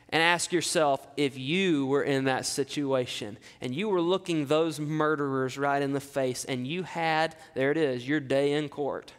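Male pastor, high voice, expository sermon with dramatic readings, long hall reverb. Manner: preaching with dramatic scripture reading, rising loud on quotes, dropping low for asides.

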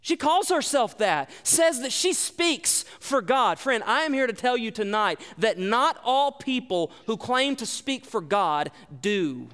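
A man's voice: very high voice, sing-song, measured pace, few pauses, a bit bright, smooth, big-room sound. A male pastor delivering a sermon, emphatic and repetitive, asking the congregation rhetorical questions.

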